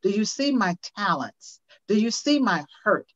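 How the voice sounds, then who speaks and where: A woman's voice: medium pitch, big pitch swings, measured pace, a bit bright. An older woman speaking as a guest in an interview, earnest and emphatic, often repeating questions for effect. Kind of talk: conversational interview. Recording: dull lo-fi audio.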